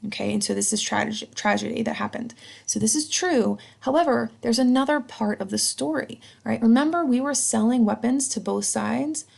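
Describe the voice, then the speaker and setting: Chatty woman teacher, gravelly voice. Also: fairly high pitch, normal speed, darkish tone. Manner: chatty, tag questions after each point. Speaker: history teacher. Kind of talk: recorded slideshow lecture.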